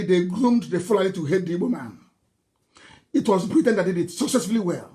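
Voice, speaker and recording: A man with a Nigerian accent giving an impassioned live broadcast speech, mocking and scornful, laughing and shouting at times. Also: sits high. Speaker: political broadcaster.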